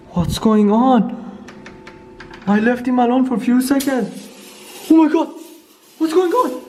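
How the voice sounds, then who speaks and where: A man's voice: very high-pitched, lively intonation, measured pace, long pauses, a little mellow, slight background noise. A young man acting out a scripted horror skit for his vlog, panicking and repeating his exclamations. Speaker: vlogger.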